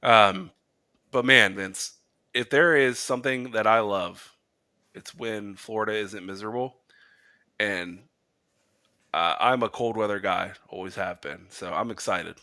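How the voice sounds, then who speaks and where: A man co-hosting a casual sports podcast, animated and joking, who swears casually. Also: lowish voice, measured pace, pauses often. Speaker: podcast co-host.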